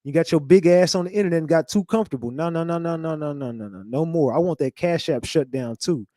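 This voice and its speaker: A man's voice: on the high side, quick pace, warm tone, no echo, studio quality. A man hosting commentary, mocking his subject in a blunt, profane, taunting way. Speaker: commentary host.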